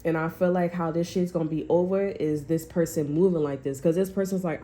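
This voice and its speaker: Her voice is deep and dark, fairly even in intonation and a little quick. As a tarot reader giving her viewers a relaxed reading, she swears openly, chats, and talks through fillers and restarts.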